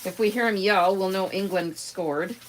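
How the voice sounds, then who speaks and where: A woman's voice: medium pitch, normal speed, a little hiss or hum. A middle-aged woman chatting casually on a live stream, greeting viewers by name and trailing off with fillers. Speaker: livestream host.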